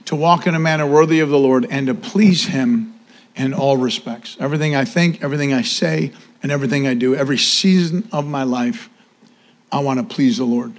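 A man, preaching a sermon and giving church announcements in an animated, casual way. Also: medium pitch, a little fast. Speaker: pastor.

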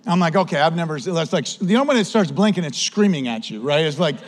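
A pastor with a Western New York accent and a voice high for a man delivers a storytelling sermon at a fast clip. He's animated and conversational, frequently dropping "man" into his sentences as the story unfolds.

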